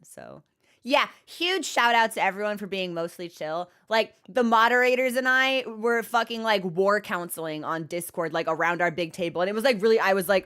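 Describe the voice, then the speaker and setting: A woman's voice: medium pitch, a bit bright. Chatty young woman streamer rambling. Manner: chatty, rambling with many fillers and restarts. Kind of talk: casual stream chat.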